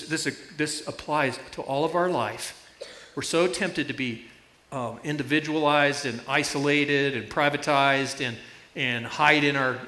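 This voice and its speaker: A man preaches from the stage in an echoey church hall, with a bright voice that sits a bit high. He tells stories, laughing as he illustrates his points. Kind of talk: sermon.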